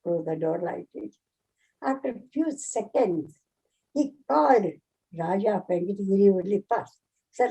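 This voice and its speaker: An older woman tells a personal story from memory in an earnest way, acting out each quoted line. Her voice is dark, gravelly and husky. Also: medium pitch, expressive, a little slow, poor audio. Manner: earnest, repeats phrases, acts out quoted speech. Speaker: devotee sharing a memory.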